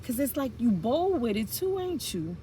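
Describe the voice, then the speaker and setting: A woman's voice: on the high side, big pitch swings, moderate pace, mellow, a little hiss or hum, rough recording. A woman giving a casual tarot reading, chatty and blunt, with frank slang and the odd swear. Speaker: tarot reader.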